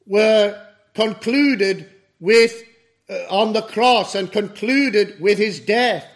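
A man preaching an expository sermon in a measured, solemn way. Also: high voice, fairly bright tone. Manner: slow, measured, solemn doctrinal delivery.

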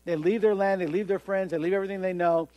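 A fast-talking pastor gives a sermon, his voice high and lifted, recorded dry and close with no echo and no surrounding room. Caught up in it, he adopts the voices of people he quotes and stumbles on repeated words, staying animated throughout.

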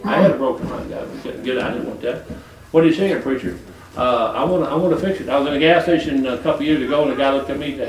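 A man's voice: a little high, fast, far from the mic, slight background noise. Rambling older man preaching in echoey hall. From Detroit. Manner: rambling, colloquial, laughs at own stories. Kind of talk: folksy storytelling sermon.

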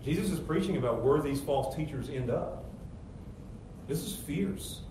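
Man, pastor, emphatic sermon, slightly high voice, distant mic, faint hiss. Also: expressive, unhurried. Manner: emphatic preaching, rising loud on rhetorical questions. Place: church sanctuary. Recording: very echoey church hall, distant mic, faint noise.

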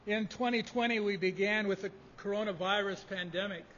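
A man preaching a sermon, measured and emphatic in delivery. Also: sits high, steady tone, fairly bright tone, slight background noise. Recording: dull lo-fi audio in a reverberant hall.

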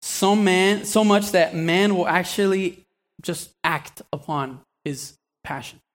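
Conversational preacher, slightly high voice. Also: male voice, slow pace. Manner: conversational preaching with rhetorical questions and acted asides; restarts and repeats words. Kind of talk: sermon.

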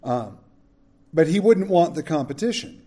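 A man's voice: a little high, expressive, moderate pace, dark tone. A man teaching a Bible study, reading verses and adding casual, frank asides.

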